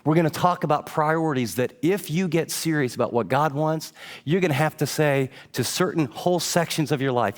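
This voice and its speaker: A man's voice: on the high side, a little fast. Emphatic man preaching a sermon. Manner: emphatic, teaching from notes. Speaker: pastor.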